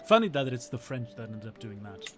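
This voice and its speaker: A Portuguese historian in his thirties, whose English carries a British-sounding accent, streams a strategy game and chats articulately with viewers. His medium-pitched voice swings widely in pitch, moves a little fast, and plays over music.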